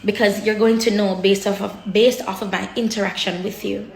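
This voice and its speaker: A woman's voice: mid-range voice, flat delivery, normal speed, gravelly, roomy sound. A woman speaking candidly to her viewers in a vlog, blunt and raw, swearing freely and heavy with her words. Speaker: vlogger. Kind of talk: candid personal vlog talk.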